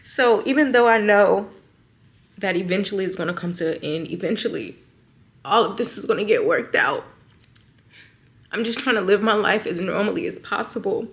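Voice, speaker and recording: A woman vlogging to camera, talking slowly and hesitantly with heavy sighs, emotional and near tears. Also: mid-range voice, a bit bright. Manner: slow, heavy, sighing and hesitant. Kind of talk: personal vlog confession.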